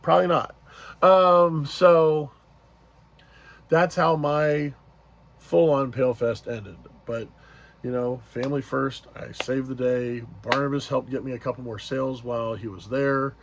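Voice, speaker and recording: A man's voice: mid-range voice, fairly even intonation, a little slow, muffled recording, slight background noise. A man casually retelling an event as a vlogger, rambling along with many fillers and restarts. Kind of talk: casual storytelling recap.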